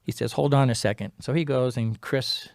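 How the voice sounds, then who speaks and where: A man, a guest on a talk show, tells a personal story in a lively way, acting out the other people's lines and dropping to a hush at key moments. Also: mid-range voice, normal speed, creaky, no echo, clean studio sound. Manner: animated, acts out quoted dialogue; drops to a quiet, hushed tone at key moments. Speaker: podcast guest. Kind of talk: storytelling in casual interview.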